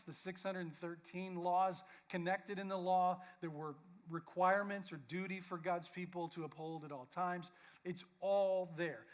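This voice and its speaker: A man pastor giving a humorous sermon, playfully reading mock social media posts aloud to a church. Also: high voice.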